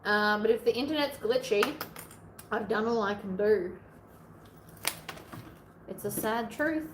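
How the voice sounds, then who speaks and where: A woman hosting a long sewing livestream in casual chat, playfully narrating each step aloud, her voice a little hoarse from hours of talking. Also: fairly high pitch, measured pace. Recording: echoey room, faint background noise.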